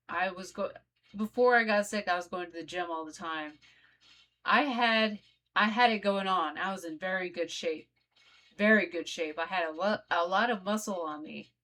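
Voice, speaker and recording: A woman vlogger with a fairly low, fairly bright voice tells her own story casually and conversationally, speaking straight to her viewers.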